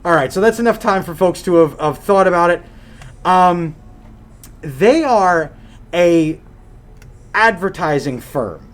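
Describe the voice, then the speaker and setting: A man co-hosting a casual gaming podcast, talking in an animated, jokey way and swearing now and then. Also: high voice, measured pace, pauses often. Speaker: podcast co-host.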